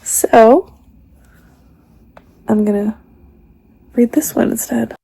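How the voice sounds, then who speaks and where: Woman vlogger, casual home chat, light vocal fry, camera mic. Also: a little high, takes it slowly, dark tone. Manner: chatty, talks baby talk to her cat. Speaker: book vlogger. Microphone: camera mic, no external mic.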